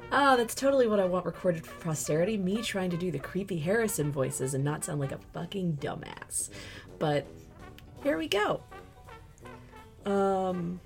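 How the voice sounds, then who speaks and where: A woman's voice: lowish voice, creaky. A young woman voice actor running a mic test, talking to herself in a self-deprecating way and swearing freely. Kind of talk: casual chat.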